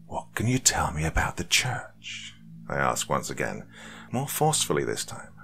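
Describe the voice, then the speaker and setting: Very deep-voiced male horror narrator. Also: vocal fry. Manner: measured, dark storytelling delivery. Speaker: horror podcast host and narrator. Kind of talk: dramatic horror story narration.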